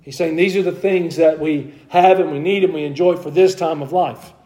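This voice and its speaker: A man's voice: fairly high pitch, fairly even intonation, normal speed, warm tone. A male pastor giving an expository sermon, reading long scripture passages aloud and then explaining them with rhetorical questions. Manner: asks the congregation rhetorical questions.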